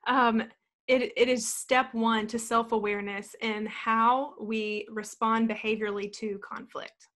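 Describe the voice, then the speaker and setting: A woman's voice: fairly high pitch, flat delivery, measured pace, fairly bright tone. Earnest woman in her thirties, storytelling. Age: 30s. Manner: earnest, storytelling with filler words. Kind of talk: panel talk.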